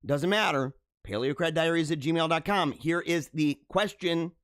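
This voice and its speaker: A man's voice: a little high, moderate pace, a bit bright, smooth, dry recording, studio quality. A man hosting a livestream, talking in a casual, mocking, theatrical way and laughing at his own jokes. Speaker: livestream host. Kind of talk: casual live commentary.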